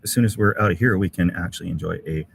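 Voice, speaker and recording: Deep-voiced man, relaxed chat. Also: racing, vocal fry, a little hiss or hum. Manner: relaxed, thanks viewers with many uhs and ums. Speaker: live stream host. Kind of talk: casual live stream chat reading viewer comments. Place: outdoor winter camp in severe cold.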